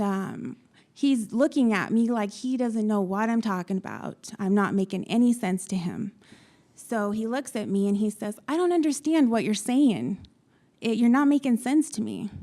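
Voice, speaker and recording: A young adult woman from Utah, a patient on a panel, telling her story to an audience with frequent pauses and ums. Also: fairly high pitch, darkish tone. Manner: halting, many ums, retells dialogue. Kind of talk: personal story told to an audience.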